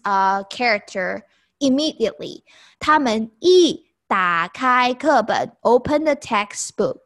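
Female teacher, slightly high-pitched, who goes over each phrase slowly and patiently. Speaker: language teacher. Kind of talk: explanatory lesson.

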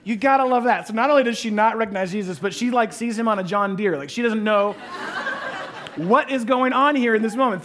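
A man with a notably high voice preaches a sermon, telling a scripture story in a lively way. He throws in wry asides, then sinks into a quiet, hushed delivery for reflective moments. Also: fairly quick. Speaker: pastor.

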